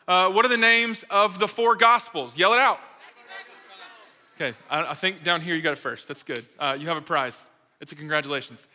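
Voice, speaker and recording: High, bright-voiced man preaching in a hall. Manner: playful, jokey, talks straight to the crowd. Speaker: speaker at a college ministry gathering. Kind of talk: lively sermon to a live audience. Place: large hall with live audience. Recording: reverberant hall.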